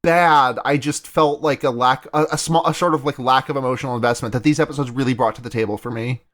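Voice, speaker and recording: A man's voice: medium pitch, steady tone, fast, fairly bright tone. A man co-hosting a podcast, chatting casually about anime, rambling and laughing often. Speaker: podcast co-host.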